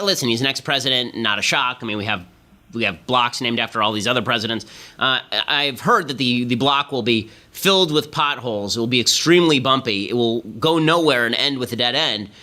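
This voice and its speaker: A man hosting a political podcast, delivering a rapid, sardonic commentary monologue. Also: medium pitch, pushed and bright. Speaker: podcast host.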